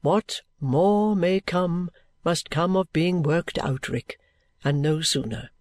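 A man reading the part of a kindly older male guardian in an audiobook, speaking in a cordial, measured, fatherly way. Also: a little high, darkish tone, no echo, clean studio sound. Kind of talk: audiobook reading of a classic novel.

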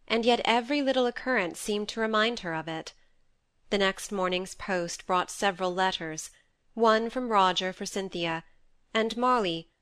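A woman reading a classic novel aloud as an audiobook narrator, steady and measured. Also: lowish voice, no room sound.

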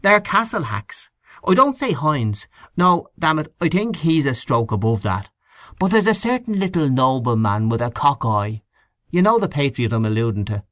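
A man's voice: medium pitch, big pitch swings, normal speed, fairly bright tone, no room sound, studio quality, voice pushed up. A man voicing a scornful middle-aged canvasser who grumbles and gossips in an audiobook reading, with a sneering, indignant manner. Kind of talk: audiobook character voice.

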